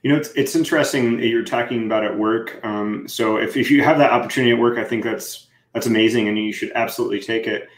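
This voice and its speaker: A podcast co-host talks in a casual, enthusiastic, loose way, his mid-range voice steady as he moves quickly with barely a pause. He fills his speech with fillers and "right?" tags, and the room sounds echoey.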